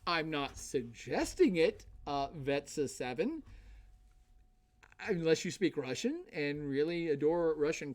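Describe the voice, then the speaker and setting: A man giving a casual livestreamed lecture, answering chat with lively, conversational asides and frequent restarts. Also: fairly high pitch. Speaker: lecturer and streamer.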